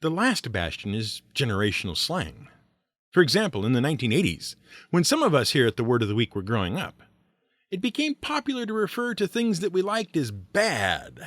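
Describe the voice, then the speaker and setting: Guy reading his podcast script, kinda high and lively, wry little jabs, music under him. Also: no room sound. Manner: wry, sardonic asides. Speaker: host. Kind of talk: scripted narration.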